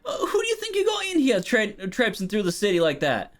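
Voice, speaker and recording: A man's voice: high voice, huge pitch swings, brisk, voice pushed up. A man voicing a scruffy male street beggar who is insistent and indignant, in a tabletop game. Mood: pushy, indignant.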